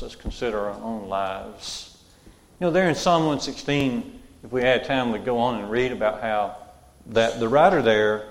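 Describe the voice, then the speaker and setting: Male preacher, gravelly mid-pitch voice, chatty sermon style, church reverb. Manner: conversational, repeats and restarts phrases.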